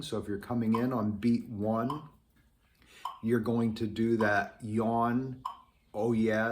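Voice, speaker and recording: A man teaching a trombone lesson, speaking thoughtfully with many pauses and ums. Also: fairly low pitch. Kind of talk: instructional lesson.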